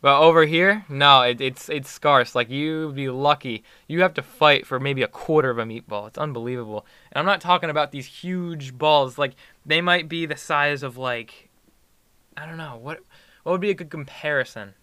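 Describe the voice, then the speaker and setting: A man's voice: fairly high pitch, normal speed, pushed and bright, clean tone, no room sound. A teenage boy chatting casually in an interview, rambling with many fillers and restarts. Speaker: student athlete guest.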